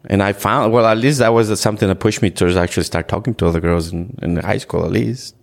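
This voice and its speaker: Deep gravelly man. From Ecuador. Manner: earnest, halting, with repeated restarts and "like". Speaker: podcast guest. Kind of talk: candid storytelling in conversation.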